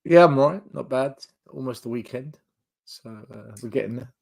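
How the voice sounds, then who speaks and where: A man joining a live stream as a guest, talking in a calm, wry, matter-of-fact way. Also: medium pitch, normal speed, creaky, rough recording. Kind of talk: casual chat.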